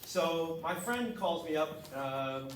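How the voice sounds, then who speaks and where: A middle-aged man tells his story to a group in a blunt, animated way. His voice sits fairly high. He is heard from a distance in an echoey room over clear background noise. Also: slow pace. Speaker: chiropractor sharing his story. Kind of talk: testimonial talk to a group. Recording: echoey room, mic far off, noisy.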